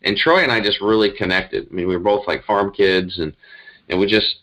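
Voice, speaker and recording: A man with a deep, low voice tells his story as a guest. He rambles and talks in an animated, emphatic way. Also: a little fast, poor audio. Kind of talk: conversational storytelling.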